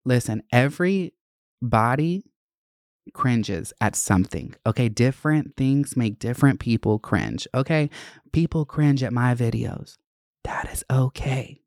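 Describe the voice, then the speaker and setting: A woman's voice: extremely low pitch, animated, measured pace, a little mellow, dry recording, studio quality. A woman hosting a podcast in casual chat, rambling and swearing, with lots of "like" and "you know". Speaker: podcast host.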